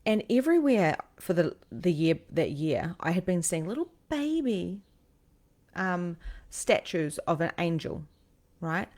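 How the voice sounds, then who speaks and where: A woman, a psychic host telling a personal story with lively energy, acting out what people said and swearing casually. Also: fairly low pitch, measured pace. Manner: animated, acts out quoted lines, swears casually.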